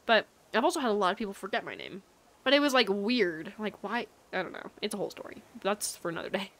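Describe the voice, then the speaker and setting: A woman's voice: medium pitch, very animated, quick pace, a bit bright. A woman livestreamer chatting casually with her chat while gaming, rambling and filling her talk with likes and ums.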